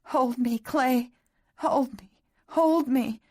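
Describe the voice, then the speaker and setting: Woman reader doing a distraught young woman, high childlike wail, audiobook romance. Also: takes it slowly. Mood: desperate pleading.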